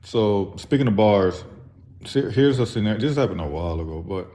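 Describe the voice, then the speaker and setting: A man chatting casually, telling a relaxed story and chiming in briefly. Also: on the low side, fairly quick, slight background noise. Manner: laid-back storyteller, brief backchannels. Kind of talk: casual chat.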